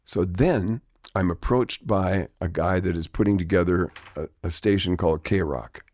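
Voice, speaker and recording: A man's voice: low-pitched, measured pace, darkish tone. An older man, a guest, telling rambling anecdotes in a conversational, wry way. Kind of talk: anecdotal storytelling.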